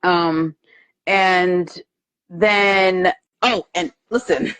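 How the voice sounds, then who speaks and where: A woman hosting a casual live movie review chat, animated and quick to laugh, acting out lines from scenes as she retells them. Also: lowish voice, clean tone, no echo. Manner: animated, quotes lines in put-on voices, lots of laughter. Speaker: host. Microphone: live video stream.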